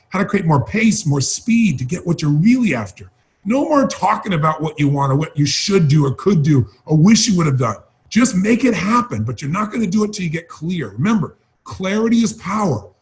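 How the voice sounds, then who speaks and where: Fast, high-voiced man giving a pep talk. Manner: emphatic, urgent, repeats key phrases. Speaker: motivational speaker. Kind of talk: motivational training talk.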